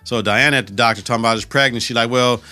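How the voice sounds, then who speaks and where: A man's voice: medium pitch, racing, bright, forceful tone, soft background music. A man hosting a podcast, retelling a TV episode in a casual, profane, slang-filled way. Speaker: podcast host.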